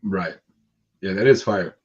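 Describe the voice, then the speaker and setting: A man's voice: low-pitched, measured pace, slightly rough, muffled recording. A man co-hosting a casual livestream, laid-back and laughing often. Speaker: livestream co-host. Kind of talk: casual chat.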